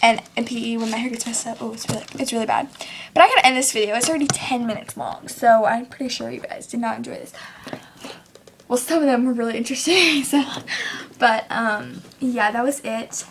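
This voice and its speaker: High-pitched chatty teen girl vlogging. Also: fairly quick, a little hiss or hum. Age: teens. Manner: chatty, lots of "like", acts out others in quotes. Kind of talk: casual vlog rant.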